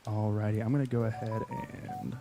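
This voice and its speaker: A man's voice: lowish voice, little pitch movement, a little fast, mellow, faint music behind. A man hosting a live stream, chatting casually and heaping eager praise on his guest. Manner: enthusiastic, effusive praise.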